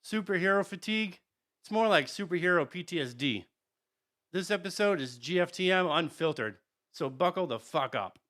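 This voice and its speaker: A man's voice: high voice, expressive, moderate pace, a bit bright. A man hosting a casual podcast, ranting sarcastically with lots of swearing. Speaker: podcast host.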